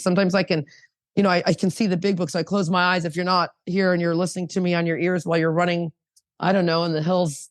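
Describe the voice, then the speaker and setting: A woman's voice: lowish voice, no room sound, clean studio sound. A woman in her fifties sharing her recovery story at an online meeting, fervent and emotional, firing off rhetorical questions over a video call. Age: 50s.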